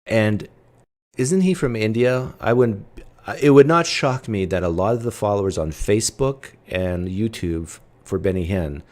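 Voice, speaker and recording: Man, livestream host, low voice, blunt, provocative, casual chat. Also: expressive, measured pace, darkish tone.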